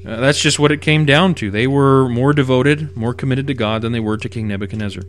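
A man's voice: medium pitch, a little fast. A man teaching the Bible verse by verse, reading scripture aloud and then explaining it in a casual, emphatic way.

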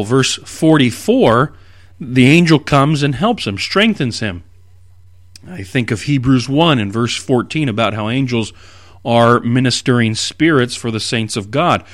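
A man's voice: mid-range voice, no room sound, studio quality. Man preaching through a Bible passage. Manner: expository, reads scripture aloud, animated emphasis. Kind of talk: sermon.

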